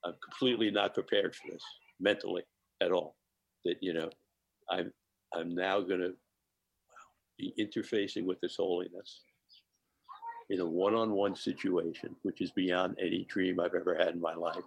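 Man, very low voice, gravelly, husky, animated storyteller, dry close sound. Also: moderate pace, pauses often, dry recording, poor audio. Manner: animated storyteller, laughs often. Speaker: guest chef. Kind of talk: personal anecdote in interview.

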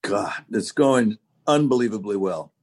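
A man's voice: on the low side, unhurried. Guy on a podcast just chatting, easygoing, lots of ums. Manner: relaxed storytelling with fillers. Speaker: podcast co-host. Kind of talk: casual chat.

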